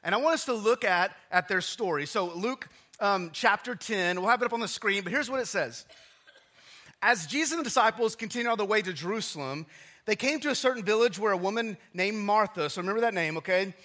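A man preaching a casual, conversational sermon in a church, often restarting phrases and dropping low and quiet for emphasis. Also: lively intonation, fairly quick. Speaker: pastor.

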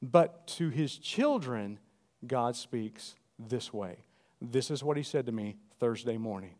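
Man, pastor, middle-aged, animated sermon, calls to the congregation, warm low timbre, mid pitch. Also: slow.

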